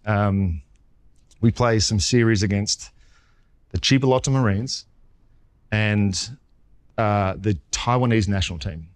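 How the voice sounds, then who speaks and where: A man in his forties with an Australian accent, a former pitcher guest telling his story in a casual interview and acting out the dialogue. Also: a little slow, long pauses. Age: 40s. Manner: lively storyteller who acts out quoted dialogue.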